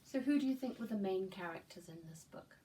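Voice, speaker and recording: A woman teacher reading a picture book to young children, asking gentle coaxing questions and dropping into whispers. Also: mid-range voice, animated, a little fast. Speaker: preschool teacher. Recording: distant mic with faint background noise.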